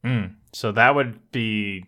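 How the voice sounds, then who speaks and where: A man co-hosting a casual podcast, laid-back and quick to drop profane jokes. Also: lowish voice, bright, forceful tone. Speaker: podcast co-host. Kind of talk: casual chat reviewing a cartoon.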